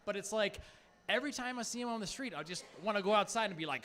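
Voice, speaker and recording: Male stand-up comic, thirties, from Phoenix; high, very lively voice; rambling, chatty delivery. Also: fast talker. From Phoenix, Arizona. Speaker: stand-up comedian. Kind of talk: stand-up comedy set.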